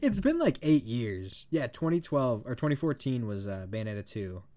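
Casual chat from a man in his twenties who co-hosts a podcast: his mid-range voice is mellow and sing-song at a normal speed. He rambles through stories, laughing frequently and cursing offhandedly.

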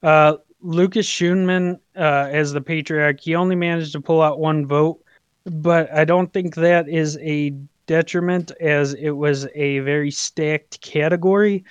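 A man co-hosting a gaming podcast, reading out award results in an easygoing, measured way. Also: a little high, steady tone, smooth, no room sound. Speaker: podcast co-host. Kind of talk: casual chat, mock award-show announcing. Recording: slightly dull, dry podcast audio.

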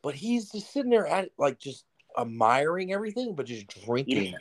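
A young man co-hosting a podcast, telling a story in casual, profane, animated chat. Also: on the high side, normal speed. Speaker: podcast co-host. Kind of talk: casual storytelling over beers.

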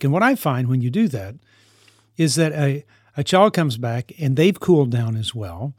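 A man's voice: mid-range voice, animated, moderate pace, a little mellow, no room sound, studio quality. A man who mentors teenagers gives an earnest parenting talk, often repeating and restarting his phrases. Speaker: youth mentor living with teens.

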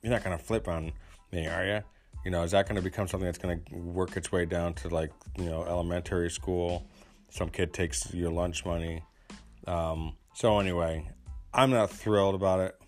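A man giving his opinions in a casual spoken monologue, rambling and pausing often with fillers and restarts. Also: sits low, little pitch movement, darkish tone, faint music behind. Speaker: commentator.

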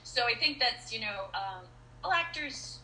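Bright-voiced middle-aged woman, animated storyteller. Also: fairly high pitch, measured pace, a little hiss or hum. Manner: animated storyteller with many restarts and fillers. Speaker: actress interviewed as guest. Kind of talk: casual interview chat. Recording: roomy echo.

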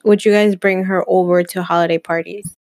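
A woman hosting a casual chat, asking questions and telling lively stories. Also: on the low side, fairly quick, a little hiss or hum. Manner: animated storyteller, leads with questions. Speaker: host.

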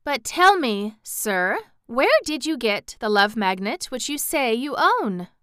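A woman voicing a gracious young fairy princess in an audiobook, speaking gently and with measured courtesy. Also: on the high side, big pitch swings, smooth, no room sound, clean studio sound, voice pushed up, exaggerated voice. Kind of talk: audiobook character reading.

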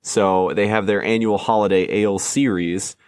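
A man's voice: fairly low pitch, steady tone, moderate pace, no echo, clean studio sound. A man co-hosting a casual beer podcast, joking around and stumbling over names as he reads them. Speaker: podcast co-host. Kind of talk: casual chat. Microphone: close microphone.

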